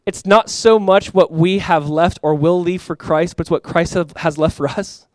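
A man's voice: high voice, fairly even intonation, normal speed, darkish tone, dry recording. A man preaching a sermon as pastor, conversational and emphatic, talking to the congregation and inviting them to respond. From California.

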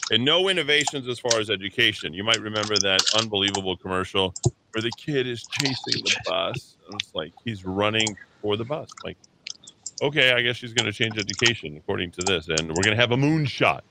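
Talk radio host: tired man, low voice, blunt combative rant, keyboard clatter in the studio. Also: heavy background noise. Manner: blunt, combative, repetitive ranting. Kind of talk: ranting political talk radio monologue. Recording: steady keyboard typing and clicks behind.

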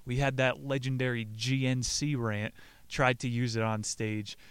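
A brash young man hosting a comedic recap, riffing with crude jokes. His voice is smooth and clear at an ordinary pitch. The recording is dry and close to the mic. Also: steady tone, a little slow, no echo. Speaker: podcast host.

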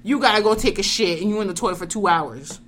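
A woman co-hosting a podcast, chatting in animated, profane, teasing banter. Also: mid-range voice, fast. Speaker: podcast co-host. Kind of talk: casual podcast chat.

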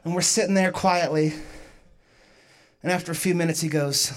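A woman doing stand-up, telling a story in an animated way, laughing along and shouting some punchlines. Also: on the low side, normal speed, pauses often. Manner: animated, laughing through her own lines, shouting punchlines. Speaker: stand-up comedian.

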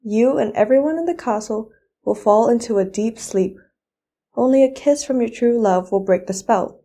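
A teenage girl reading aloud, voicing a kind, wise fairy godmother who speaks softly in a storybook. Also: a little high, moderate pace. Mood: gentle. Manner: soft, gentle.

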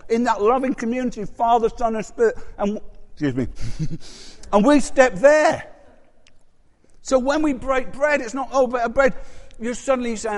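A high-pitched man preaching in a church hall, swinging between loud emphatic rises and quiet drops. He keeps asking his listeners questions. His voice rings out with a long reverb tail. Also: measured pace. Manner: animated, rises and drops sharply, rhetorical questions. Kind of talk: sermon.

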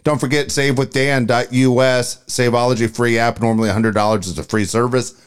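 A man co-hosting a talk radio show, reading sponsor ads and repeating phone numbers like a pitchman. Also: level tone, brisk, clear, resonant tone. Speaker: radio co-host. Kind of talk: talk radio live ad reads.

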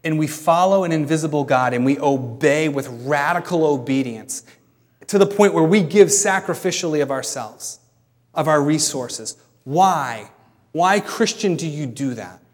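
A man preaching a sermon in a conversational way, explaining as he goes with pauses and restarts. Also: on the high side, big-room sound. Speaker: pastor.

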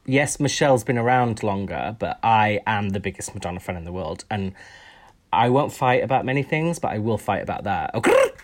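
A man co-hosting a podcast, talking in an expressive, self-mocking way. His pitch moves all over the place as he chats casually. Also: a little fast. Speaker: podcast co-host. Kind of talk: casual chat.

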